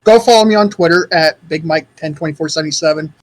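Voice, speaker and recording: A man's voice: on the high side, fast talker, low-quality recording. A man giving an upbeat sign-off as a guest on a gaming stream. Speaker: podcast guest. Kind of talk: casual outro chat.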